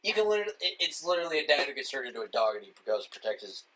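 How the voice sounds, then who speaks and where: A man's voice: mid-range voice, rapid-fire, very noisy. A man co-hosting a casual movie podcast, riffing with profanity and mocking retellings of plots. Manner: animated, swearing, mocking retellings. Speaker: podcast co-host.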